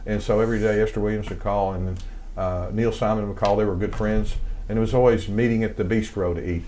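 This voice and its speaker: Deep-voiced older Southern man, rambling. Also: steady tone, fast, dark tone, a little hiss or hum. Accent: light Southern American. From American South. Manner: rambling, many fillers and restarts. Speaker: guest, songwriter and composer. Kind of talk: casual interview storytelling.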